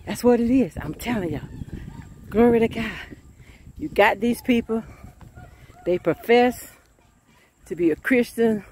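A woman preaching an informal sermon, fervent and chatty, often breaking into laughs and shouted exclamations. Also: fairly high pitch, measured pace, pauses often, a little hiss or hum.

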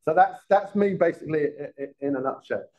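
Halting middle-aged male lecturer. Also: a little high, warm tone, rough recording. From England. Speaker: guest lecturer, former police detective. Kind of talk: live classroom lecture.

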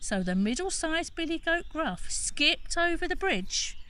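A forest school teacher telling a children's story outdoors on a bridge, gentle and expressive. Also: female voice, extremely high pitch, measured pace, slight background noise. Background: birdsong.

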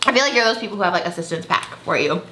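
A woman's voice: medium pitch, animated, very fast, sharp tone, slight background noise. A woman hosting a mukbang at home, giggly and gushing as she chats over food. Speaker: host. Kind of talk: casual mukbang chat. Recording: roomy echo.

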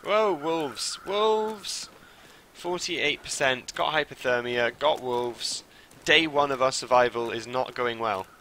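A young man streaming a game live, who swings from mumbled asides to loud, panicky shouts. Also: mid-range voice, a little slow, few pauses, a little hiss or hum. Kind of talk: live gameplay commentary.

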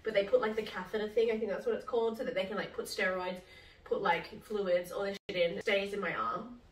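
Fast-talking chatty woman. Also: mid-range voice, far from the mic. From Australia. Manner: chatty, lots of "like", animated retelling. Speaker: vlogger. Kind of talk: casual storytelling vlog. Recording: roomy sound from slightly off-mic, faint hiss.

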